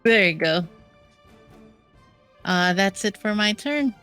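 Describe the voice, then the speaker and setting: A woman's voice: medium pitch, lively intonation, slow, bright, forceful tone, clear, resonant tone, faint music behind. A woman playing in a tabletop game, thinking aloud and second-guessing her moves. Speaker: player.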